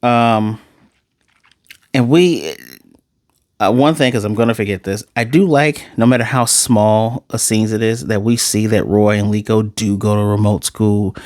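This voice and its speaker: A man casually reviewing an anime episode in a sarcastic, animated way, his voice jumping high for emphasis. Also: a little slow, no echo, clean studio sound.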